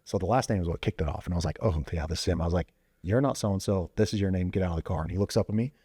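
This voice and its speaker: Deep, dark-voiced man telling a story. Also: rapid-fire, slightly rough, no echo, clean studio sound. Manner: acts out quoted dialogue with lively voice jumps; loose, with many fillers like "you know" and "like". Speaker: guest, former police officer and Marine veteran. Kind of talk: casual storytelling.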